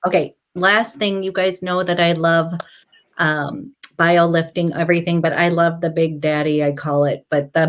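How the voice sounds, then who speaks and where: A woman co-hosting a live beauty chat, talking in a chatty, enthusiastic way. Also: fairly low pitch. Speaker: beauty live-stream co-host. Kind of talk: casual live-stream chat.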